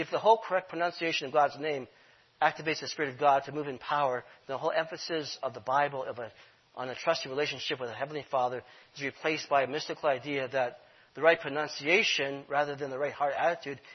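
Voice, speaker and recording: In a congregation room, a man with a slightly rough mid-range voice leads an earnest sermon at a quick pace with fairly even intonation. He repeats key phrases for emphasis, captured in a dull lo-fi sermon recording.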